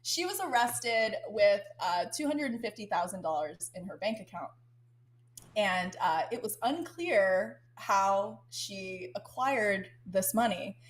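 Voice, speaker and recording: A woman's voice: medium pitch, animated, slow. A young woman telling a story in a casual podcast chat, rambling with many ums and now and then breaking into giggles. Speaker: guest co-host.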